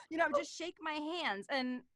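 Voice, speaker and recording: A woman voice actress chatting as an interview guest, excitable and animated, often laughing. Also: high-pitched, a little fast, no room sound. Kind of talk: casual interview chat.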